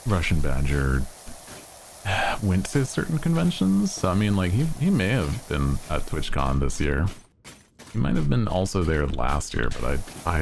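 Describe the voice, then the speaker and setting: A man's voice: extremely low pitch, gravelly, a little mellow, a little hiss or hum, poor audio. A young man streaming a game, chatting casually and rambling with fillers and restarts. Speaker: VTuber streamer. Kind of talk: casual gaming stream chat.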